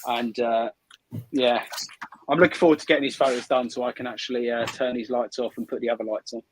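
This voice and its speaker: A fast-talking man with a steady, medium-pitched voice hosts a live stream from a hot shed under photography lights, chatting upbeat and thinking out loud as he works. There's background noise on the recording.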